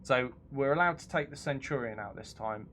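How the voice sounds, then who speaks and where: A man's voice: mid-range voice, brisk, fairly bright tone, slight background noise. A man streaming a game, chatting casually with frequent laughs, stumbles and restarts. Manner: joking, stammering, laughing often. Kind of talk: casual live-stream commentary.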